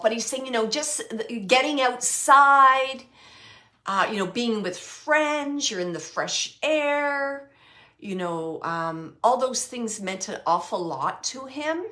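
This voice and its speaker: A woman medium gives a spirit reading to a sitter in an earnest, emotional way. Her voice is bright and forceful, and she speaks slowly and deliberately. She laughs often and sometimes goes soft and hushed. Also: fairly high pitch. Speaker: psychic medium.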